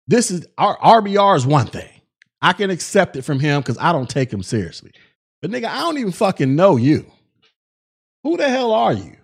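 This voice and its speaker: A middle-aged man hosting a livestream podcast, reading chat messages aloud and getting angry and profane with a viewer. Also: a little high. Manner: irritated, profane, rising to shouting. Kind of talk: livestream commentary.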